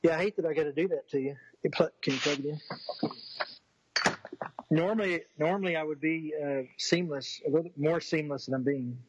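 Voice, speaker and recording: A man's voice: fairly high pitch, a little fast, lo-fi sound, noisy background. A man telling a personal story in a rambling, casual way, with many restarts, acting out what others said.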